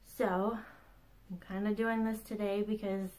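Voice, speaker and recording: Like a craft podcast host catching her viewers up, a woman in her thirties talks casually to the camera in a relaxed, chatty manner. Her delivery is bubbly, full of small laughs and quick asides, at a middle pitch typical for a woman. The recording is low quality.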